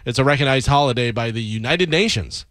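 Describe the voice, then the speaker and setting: A man's voice: mid-range voice, lively intonation, brisk, fairly bright tone, dry recording. A man reading odd news stories on a morning radio show, casual and joking with his co-hosts. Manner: reads odd news stories, playful jokes.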